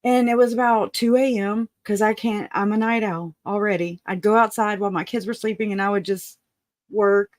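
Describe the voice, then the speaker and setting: A woman giving an emotional personal account of a family loss, halting and restarting, earnest and raw, with casual swearing. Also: mid-range voice, fairly even intonation, no echo, studio quality. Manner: halting, full of restarts and self-corrections. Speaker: grieving relative.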